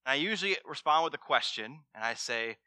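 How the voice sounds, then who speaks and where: A man preaching a sermon as pastor, swinging between loud emphasis and hushed words and asking the congregation direct questions. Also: fairly high pitch, animated, a little fast, smooth, dry recording.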